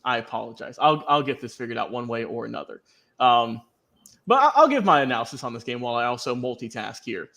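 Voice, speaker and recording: A man's voice: medium pitch, animated, fast, creaky, bright, forceful tone. A man hosting a casual sports prediction panel, easygoing and hesitant, with many ums. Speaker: sports show host.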